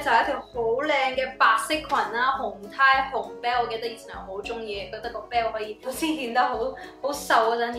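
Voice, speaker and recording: A woman's voice: a little high, roomy sound. A woman in her twenties with a Hong Kong accent, chatting playfully as a vlogger and switching between English and Cantonese. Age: 20s. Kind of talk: casual vlog talk.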